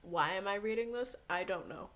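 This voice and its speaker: A woman's voice: mid-range voice, moderate pace, a bit bright. A young woman streaming casually, rambling, giggling often and swearing a lot as she chats to viewers. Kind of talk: casual live-stream chat.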